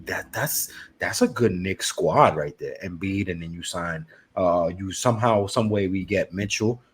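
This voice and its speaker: A man from New co-hosting a casual sports podcast, excitable and profane as he hypes up his ideas. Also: low-pitched, measured pace, a little hiss or hum. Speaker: podcast co-host.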